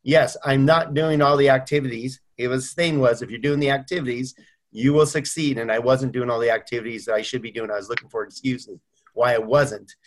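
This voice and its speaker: A middle-aged man talks over a video call, earnest and warm in his storytelling. He slips into other people's voices when quoting them. His voice sits in a mid range. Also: medium pitch, fairly even intonation, fairly quick. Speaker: mortgage company owner. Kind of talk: video call tribute chat.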